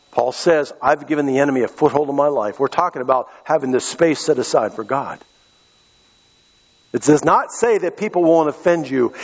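A man's voice: on the high side, slightly rough. A middle-aged man from western Pennsylvania preaching a sermon as pastor, impassioned and repeating key phrases. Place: church sanctuary. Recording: echoey hall, dull lo-fi sound.

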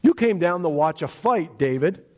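A male preacher with a high, husky voice that rises and falls animatedly as he drives his points home. He retells scripture in everyday words and says key lines twice. The recording is dull and lo-fi. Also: lively intonation, moderate pace. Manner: emphatic, repeats key phrases, paraphrases scripture in casual speech. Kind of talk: sermon.

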